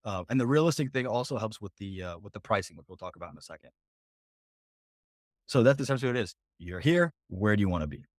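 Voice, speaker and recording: A man coaching on a group call, talking casually and directly and acting out quick bits of client dialogue. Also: fairly low pitch, expressive, no room sound, studio quality. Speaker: business coach. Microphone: video call.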